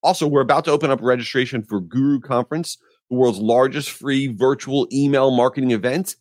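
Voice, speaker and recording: A man hosting a podcast, telling an exasperated, animated story about a pet peeve. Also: medium pitch, brisk, no echo, studio quality. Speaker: podcast host. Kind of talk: ranting monologue.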